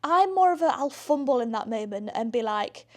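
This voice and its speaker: A woman's voice: on the high side, expressive, normal speed, darkish tone. A young British woman with a British accent, hosting a podcast in a chatty, self-deprecating manner, often laughing at herself. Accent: British English. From Britain. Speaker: podcast host. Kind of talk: casual chat.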